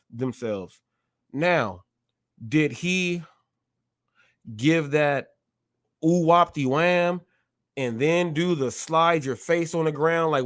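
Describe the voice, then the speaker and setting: Animated man talking on a live stream. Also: fairly high pitch, no room sound, clean studio sound. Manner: animated, repeats himself, acts out exchanges in a raised voice. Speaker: show host.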